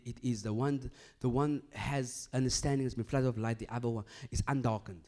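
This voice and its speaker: A man preaching a sermon, swinging from loud emphatic bursts to hushed low lines and repeating phrases as he builds a point. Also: expressive, moderate pace.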